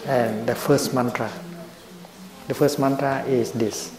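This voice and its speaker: An older man giving a slow, gentle dharma talk as a Buddhist teacher. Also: mid-range voice, fairly even intonation. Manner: slow and gentle, with long pauses. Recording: roomy echo.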